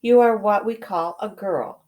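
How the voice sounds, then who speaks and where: A woman's voice: mid-range voice, unhurried, a little mellow, pitched above the performer's own voice, close to an everyday voice. A woman voicing a polite, nervous male faun who speaks in a formal, courteous way.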